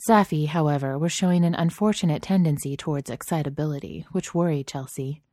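A woman reading a story aloud as narrator, in a dry, even storytelling manner. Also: sits low, a little fast, no echo. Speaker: audiobook narrator. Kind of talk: scripted narration.

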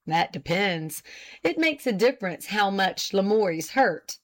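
A woman's voice: mid-range voice, expressive, measured pace, lightly acted. A woman reading the part of a friendly young man, kindly and coaxing in manner. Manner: kindly, coaxing, laughing easily. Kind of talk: audiobook character reading.

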